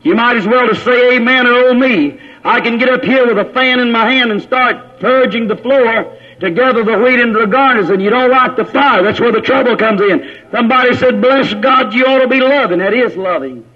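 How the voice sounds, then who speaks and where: Man, fiery holiness preacher, high voice, old muffled sermon tape. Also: fairly quick. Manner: fiery and scolding, mocking in quoted voices. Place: church.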